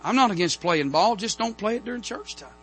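A man preaching a revival sermon from the pulpit, telling stories and building to loud, emphatic amens. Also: high-pitched, animated, fairly quick, faint music behind. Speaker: pastor. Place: church sanctuary.

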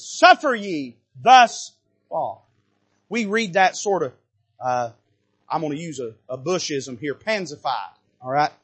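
A man preaching a sermon from a church pulpit, moving between quiet asides and loud, rising bursts of passion. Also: a little high, breathy edge. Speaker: pastor. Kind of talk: fiery sermon.

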